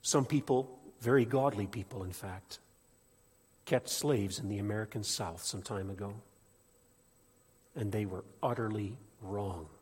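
A man preaching a sermon in a church, animated, swinging between loud emphatic peaks and quiet asides. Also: fairly low pitch, unhurried, long pauses, breathy edge. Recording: echoey hall with long reverb.

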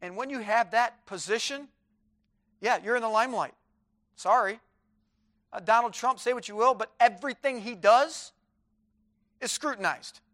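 High, bright-voiced male preacher. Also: moderate pace, long pauses. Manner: preaching fervently, reading scripture aloud. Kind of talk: sermon. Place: chapel.

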